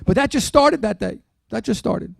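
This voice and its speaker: With a very high voice and vocal fry, a man speaks at normal speed during a dinner keynote. He tells an animated story, adding humorous asides and acting out quoted lines. Studio-quality audio with no room sound.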